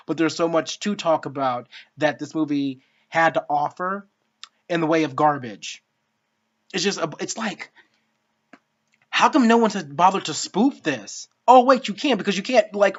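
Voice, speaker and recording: A woman giving a casual spoken film review, ranting in an exasperated, profane way. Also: low voice. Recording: dull lo-fi sound.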